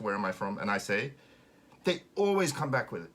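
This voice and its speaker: With a lowish voice and moderate pace, a man from Finland swears freely through a sarcastic, lively rant. He speaks with a Finnish accent while hosting a casual live stream.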